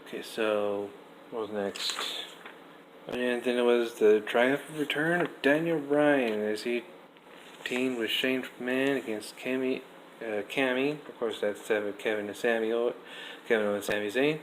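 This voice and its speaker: A young man giving a casual, rambling wrestling review, restarting sentences often and getting animated. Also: mid-range voice, unhurried, poor audio. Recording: faint background noise.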